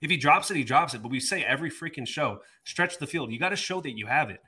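A man's voice: on the high side, expressive, quick pace, sharp tone, a little hiss or hum. A man ranting in exasperation on a sports podcast, swearing mildly. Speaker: podcast host. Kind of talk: casual sports talk.

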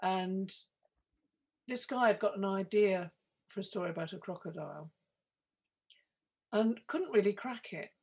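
A woman author, a guest on a podcast, chatting in a relaxed way and laughing easily. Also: mid-range voice, unhurried, pauses often, breathy edge. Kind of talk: casual interview chat.

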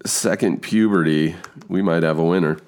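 A man in his fifties with a rich baritone voice, rambling casually as a podcast host, swearing and poking fun at himself. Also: moderate pace, darkish tone. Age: 50s. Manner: rambling, swearing, self-deprecating. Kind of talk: casual monologue.

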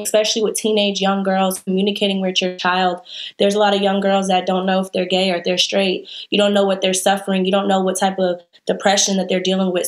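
A woman speaking as an interview guest in a candid conversation, earnest and heartfelt, with many fillers. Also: mid-range voice.

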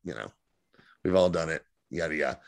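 A man in his thirties co-hosting a casual podcast, recapping a TV episode in an animated, profane way and slipping into quick mock voices. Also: very deep voice, vocal fry, no echo. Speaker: podcast co-host.

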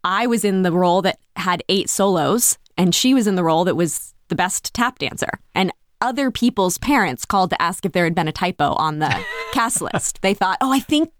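A woman guest telling stories in a conversational way. She is animated and often restarts her sentences. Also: normal speed, no room sound, clean studio sound. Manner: animated, lifts her pitch for quoted voices; self-correcting, with frequent restarts. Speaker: podcast guest, business coach. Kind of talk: conversational storytelling.

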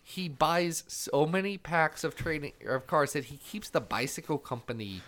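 A man co-hosting a casual podcast, playful and theatrical, who laughs easily. His pitch is very animated and swings up and down widely as he talks. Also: moderate pace. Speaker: podcast co-host. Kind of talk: casual chat.

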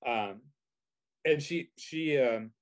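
A man's voice: medium pitch, very slow. Rambling man telling a story. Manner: rambling, many fillers and restarts. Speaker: guest. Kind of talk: casual storytelling chat.

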